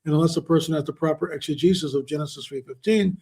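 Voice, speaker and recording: Speaking quickly in a fairly high-pitched voice that's a little mellow and slightly rough, a male author and researcher appears as an interview guest. His storytelling is emphatic, with words repeated for stress, in a conversational interview.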